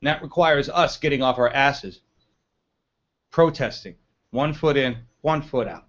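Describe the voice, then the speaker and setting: A man's voice: mid-range voice, unhurried, a bit bright, dull audio. A man giving blunt, profane political commentary on a live stream.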